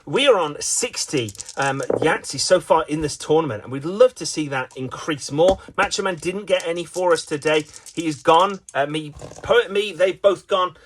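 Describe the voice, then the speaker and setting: Żartobliwy komentator gry w kości. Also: male voice, a little high, a bit bright, slight background noise. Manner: playful, jokey, with frequent fillers and restarts. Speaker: commentator. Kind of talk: mock sports commentary of a solo dice game.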